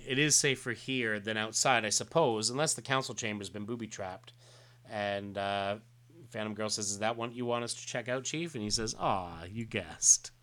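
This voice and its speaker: Reading lines of comic dialogue, a relaxed podcast co-host stumbles with frequent fillers and hesitations, giving the quotes a plain delivery. His voice is lowish, at a normal speed, on a casual show.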